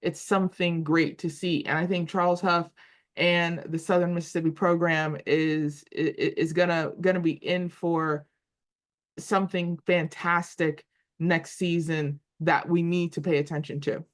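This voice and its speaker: A woman in her forties chats about college football as a show co-host, with a slightly low voice. She thinks out loud, stumbling and repeating words as she searches for names. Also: level tone, unhurried. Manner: thinks aloud with frequent restarts and repeated words. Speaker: podcast co-host. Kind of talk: casual sports talk.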